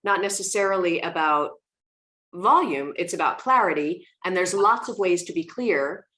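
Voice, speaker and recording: A woman's voice: on the low side, animated, moderate pace, sharp tone. A woman hosting a casual online theatre talk, asking questions and telling anecdotes with easy laughter.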